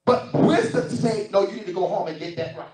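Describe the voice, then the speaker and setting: A male preacher giving an animated sermon, full of storytelling and repeated phrases. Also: high voice, brisk. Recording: roomy distant church recording.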